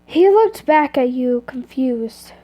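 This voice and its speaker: A woman's voice: high voice, lively intonation, slow pace, muffled recording, soft background music. A woman reading a fan story aloud, often stumbling and correcting herself. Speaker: reader of fan fiction.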